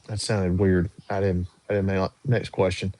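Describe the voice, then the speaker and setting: A man's voice: deep voice, flat delivery, moderate pace, dark tone, dry recording. A young man hosting a casual livestream, reading viewer questions aloud and answering them in an easygoing, drawling way. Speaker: livestream host answering chat.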